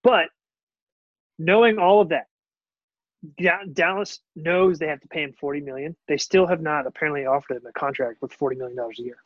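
A man's voice: fairly high pitch, a little fast, no echo. Podcast co-host, male, blunt and casual, dull dry remote audio. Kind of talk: casual sports podcast chat. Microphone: wireless earbuds, then switched mic.

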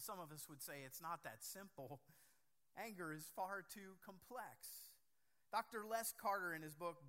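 A middle-aged man preaching a sermon as pastor, earnest, swinging from loud emphatic phrases down to hushed ones. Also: sits high.

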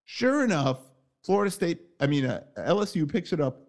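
A man hosting a casual podcast chat over a video call, telling an excitable story. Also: a little high, moderate pace. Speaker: podcast host.

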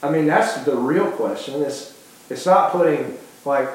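A man's voice: a little high, animated, measured pace. A man preaching a sermon with passion, often restarting phrases and acting out quoted dialogue. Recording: very echoey hall.

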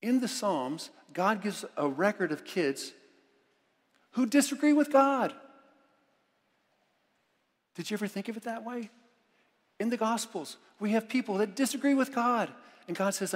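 A man's voice: high-pitched, animated, unhurried, long pauses. A male pastor giving a conversational, enthusiastic sermon with many restarts, recorded in a church. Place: church sanctuary. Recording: long reverb of a church hall.

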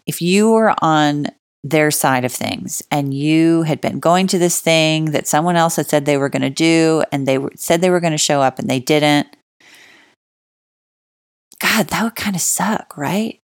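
A woman's voice: low-pitched, measured pace, clean tone, no echo, clean studio sound. A woman giving casual spoken advice, stressing key words firmly and chatting with fillers like "like" and "you know". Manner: emphatic, stresses key words, acts out example dialogue. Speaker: relationship advice speaker.

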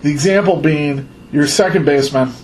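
A man co-hosting a casual sports podcast, slow and drawn-out with many ums. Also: fairly high pitch, a little mellow, slight background noise, rough recording. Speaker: podcast co-host.

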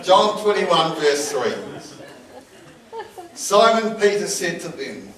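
A man's voice: sits high, animated, a little slow, very noisy. A middle-aged man with a New Zealand accent preaching a sermon, telling jovial stories and laughing often. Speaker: pastor. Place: church hall with congregation. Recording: echoey hall, mic from a distance.

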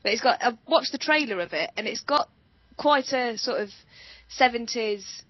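A woman's voice: on the high side, expressive, moderate pace, slightly rough. A woman co-hosting a casual movie chat, chatty and giggly, stumbling over foreign names. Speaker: podcast co-host. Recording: dull lo-fi, dry sound.

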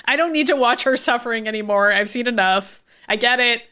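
A woman co-hosting a podcast, recapping a TV episode in casual chat, animated and emphatic, swearing casually. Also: a little high, brisk. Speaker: podcast co-host.

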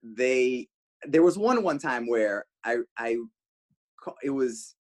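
A male radio host, the guest, telling animated stories casually, swearing freely. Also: takes it slowly. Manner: animated, swears freely, jumps pitch for quoted lines. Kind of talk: casual storytelling.

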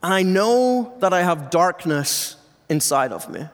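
A man's voice: high-pitched, lively intonation, slow. A male pastor giving a sermon in a conversational, joking way to his congregation. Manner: conversational preaching, jokes with congregation. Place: church sanctuary with live audience. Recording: reverberant hall sound.

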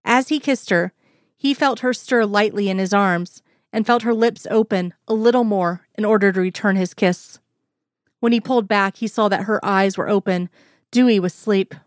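Female audiobook narrator, calm and even, mid pitch, dry close mic. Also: normal speed, no echo. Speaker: storyteller.

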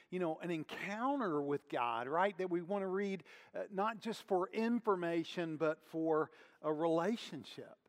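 A man preaching a sermon, telling a story in an earnest, measured way. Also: high voice. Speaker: pastor. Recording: hall reverb.

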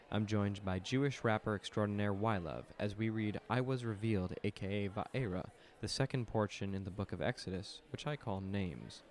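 A man with a low voice delivers a scripted podcast intro in a dry, hushed, wry manner. He speaks softly from his living room, as if leaning close before the show starts. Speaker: podcast host.

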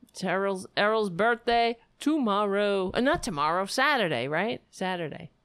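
A livestream host signs off with a casual, rambling chat, fondly venting to her viewers. Her medium-pitched voice has lively intonation and a clear, resonant, slightly bright tone, at a moderate pace. No room sound colors the dry recording.

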